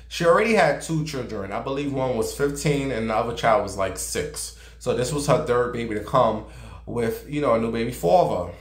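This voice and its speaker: A man giving sassy, profane gossip commentary and dramatic storytelling as a vlogger. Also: mid-range voice. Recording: roomy echo.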